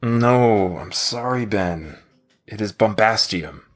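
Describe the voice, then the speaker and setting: A man's voice: lowish voice, takes it slowly. A man hosting a casual podcast trivia game, joking around and laughing often. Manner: jokey, laughs often, animated quizmaster delivery.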